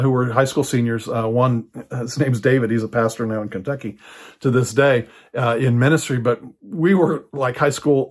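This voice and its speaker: An older man preaching, telling a personal story in a conversational way with frequent fillers and restarts. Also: medium pitch. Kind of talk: personal teaching talk.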